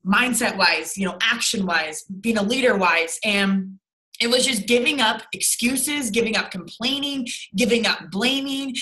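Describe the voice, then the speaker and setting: A woman's voice: medium pitch, normal speed, bright, forceful tone, poor audio. A young woman leading her sales team over a video call, blunt and rambling, with lots of swearing and fillers.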